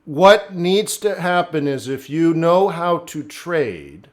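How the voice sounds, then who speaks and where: A middle-aged man with a rather high voice hosts a live trading stream. He talks bluntly and casually, coaching viewers and answering their chat messages by name. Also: very animated, slow. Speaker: forex trading livestream host.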